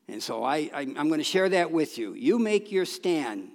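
A man's voice: on the high side, sing-song, normal speed, creaky, hardly any pauses. A man preaching a sermon in a folksy, conversational way, with restarts and bursts of emphasis. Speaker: pastor. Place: church sanctuary. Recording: long reverb of a church hall.

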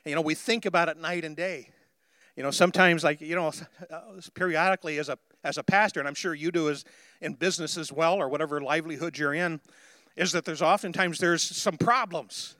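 A man's voice: a little high, fairly even intonation, fairly quick, sharp tone, no echo, studio quality. A male pastor preaching a sermon in a conversational way that builds to emphatic declarations.

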